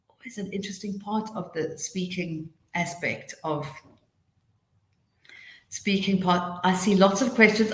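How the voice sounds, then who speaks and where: A woman teacher trainer running a live webinar, chatty and quick, with laughing asides as she works through her slides. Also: lowish voice, a bit bright, echoey room. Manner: chatty, rushing then slowing down, laughing asides. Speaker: TEFL trainer hosting a webinar.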